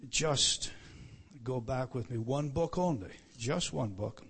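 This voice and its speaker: Middle-aged man, pastor's sermon, emphatic, swings from loud highs to quiet lows. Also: expressive, takes it slowly, husky. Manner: emphatic, rising in pitch and volume to stress scripture, then dropping low.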